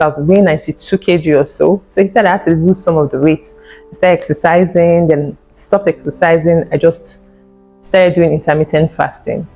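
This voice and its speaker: A woman's voice: sits low, mellow, low-quality recording. A woman in her thirties telling her personal fertility story in an earnest, emotional way. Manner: earnest, emotional retelling with acted quotes. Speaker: vlogger sharing a fertility testimony.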